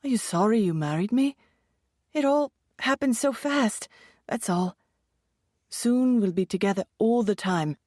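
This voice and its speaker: A woman's voice: fairly high pitch, lively intonation, unhurried, darkish tone, no room sound, studio quality, pitched above the performer's own voice. A woman voicing an eager, reassuring young husband who talks with upbeat enthusiasm.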